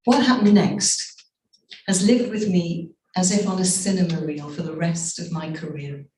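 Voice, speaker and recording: A middle-aged woman, an author, reading aloud from her memoir and telling its stories in a measured way with slow, emphatic pauses. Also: fairly low pitch, fairly even intonation, darkish tone. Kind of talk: live reading and storytelling. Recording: echoey, distant room mic.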